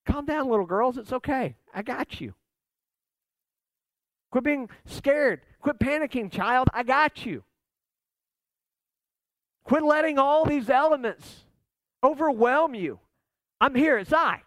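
A man voicing a calm, commanding divine figure who reassures frightened followers with insistent, repeated words. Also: very high-pitched, takes it slowly, pauses often, no room sound, pitched above the performer's own voice, exaggerated voice. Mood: reassuring.

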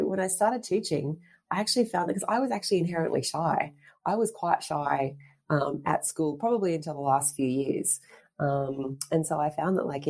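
Middle-aged woman guest with a very low voice, chatty and rambling, plenty of ums and restarts. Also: darkish tone, breathy edge. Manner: chatty, rambling storyteller with frequent fillers and restarts. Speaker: guest, fitness instructor and presenter. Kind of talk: casual interview chat.

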